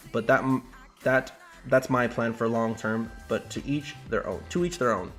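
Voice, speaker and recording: A man's voice: mid-range voice, normal speed, soft background music. A man hosting a live trading stream, chatting casually with his viewers, swearing often and repeating himself when he makes a point. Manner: profane, animated, repeats himself, talks to chat. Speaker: livestream trading host. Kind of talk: casual livestream chat.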